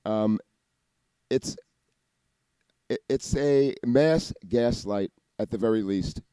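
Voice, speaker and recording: Guy ranting a mile a minute, lots of swearing and restarts, dark mellow voice, dry close mic. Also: fairly low pitch, clean tone, dry recording. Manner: rapid, profane, restarts and jumps between ideas. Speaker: vlogger. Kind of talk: rambling monologue to camera.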